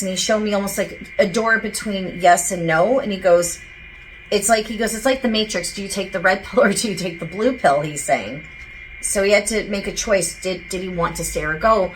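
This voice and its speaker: In poor audio, a woman with a mid-range voice works as a psychic medium during a casual channeling session. She talks loosely and rambles while relaying what a spirit tells her.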